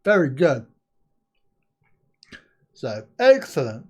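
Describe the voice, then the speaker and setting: An older man chats slowly and easily on a live stream, his pitch bouncing up and down. He reads out viewer comments, drops in casual swearing and laughs a lot. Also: sing-song, breathy edge.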